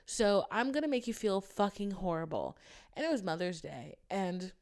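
A young woman hosting a podcast, telling a candid story in a casual chat, animated and swearing freely, with big swings in pitch and loudness. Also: normal speed. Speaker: podcast host.

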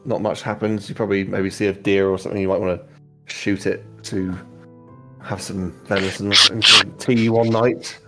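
A man's voice: low voice, level tone, normal speed, over music. A man narrating a tabletop game as game master, casual and rambling with many fillers.

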